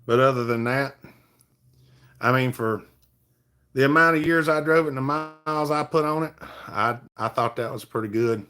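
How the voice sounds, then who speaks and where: A man's voice: medium pitch, moderate pace, long pauses, sharp tone. A middle-aged man, hosting a livestream in an easygoing, folksy way and chatting with viewers by name. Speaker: livestream host. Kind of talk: casual chat reading viewer comments.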